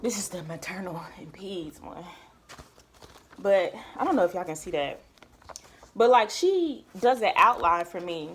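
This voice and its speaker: A woman's voice: lowish voice, unhurried, pauses often, a little hiss or hum. A young woman vlogger, telling a personal story in casual chat and acting out quoted dialogue. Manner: emphatic, lively retelling with quoted dialogue.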